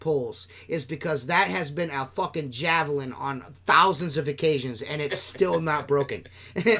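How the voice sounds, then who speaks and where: Casting: a fairly high, bright-voiced man in loose podcast chat, loud and laughing, swearing nonstop. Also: normal speed. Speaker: podcast host. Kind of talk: casual profane chat.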